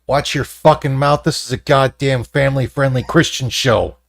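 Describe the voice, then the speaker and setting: A man's voice: medium pitch, steady tone, normal speed, vocal fry, a crowd in the background. A man on a casual podcast making wry, sarcastic remarks. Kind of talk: casual chat.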